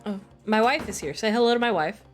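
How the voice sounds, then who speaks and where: A woman streamer chats playfully through a game, breaking into loud outbursts. Her voice sits at a middling pitch, with faint game music behind her. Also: fast talker. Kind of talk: casual game stream chat.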